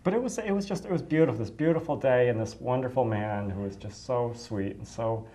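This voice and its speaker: A woman's voice: very deep voice, lively intonation, a little fast, mellow. A middle-aged woman from the United States casually telling a personal story, effusive and rambling, with many restarts and fillers.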